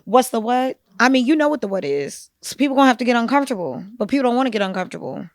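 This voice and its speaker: Animated woman co-hosting a book podcast. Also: a little high, rapid-fire, dry recording, studio quality. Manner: animated, conversational, with frequent asides. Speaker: podcast co-host. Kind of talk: casual book discussion.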